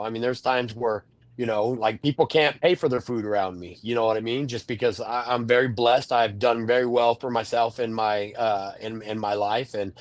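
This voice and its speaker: A man's voice: medium pitch, no room sound. A middle-aged man, a wrestling manager, answering interview questions in a rambling way, full of fillers and restarts. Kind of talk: candid podcast interview.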